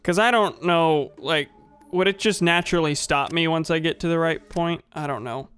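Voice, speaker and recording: Young dude streaming, kinda high voice, wry and rambly, faint music behind. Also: male voice, moderate pace, fairly bright tone, clear, resonant tone. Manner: wry, rambling, self-corrects. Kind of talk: casual gameplay commentary.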